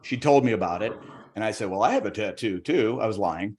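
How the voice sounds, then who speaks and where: A man's voice: on the low side, lively intonation, a little fast, darkish tone. A middle-aged man doing a stand-up set over a video call, self-deprecating and rambling, restarting his sentences. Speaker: guest comedian.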